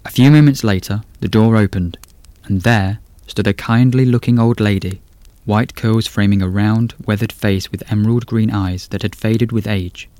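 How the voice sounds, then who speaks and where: A low-voiced man narrating a dark fireside tale in a measured, atmospheric way. The recording is dry and close, with no room sound. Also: no room sound. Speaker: horror podcast narrator. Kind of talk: scripted story narration.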